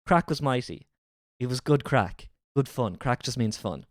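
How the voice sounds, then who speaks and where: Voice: mid-range voice, animated, moderate pace, dry recording, clean studio sound. A streamer chatting casually and crudely on a livestream, rambling and joking. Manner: rambling, crude and jokey, swings into mock voices. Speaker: livestream host.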